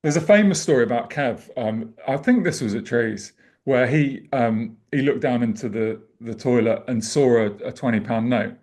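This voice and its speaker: A man co-hosting a podcast in relaxed, matter-of-fact casual chat. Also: medium pitch, moderate pace. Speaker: podcast co-host.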